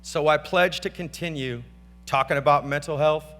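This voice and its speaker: A man's voice: a little high, steady tone, normal speed, a bit bright, faint music behind. A middle-aged man giving a casual, off-script acceptance speech at a gala, loose and slangy, calling out thanks to family and friends on a stage microphone. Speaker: award speaker at a gala. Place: large banquet hall. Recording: reverberant banquet hall with faint hum.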